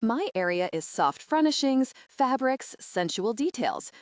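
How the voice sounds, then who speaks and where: A woman's voice: a little high, sing-song, measured pace, no room sound, studio quality, pitched above the performer's own voice. A woman reading an earnest, gushing young female interior designer with a mid-Atlantic accent.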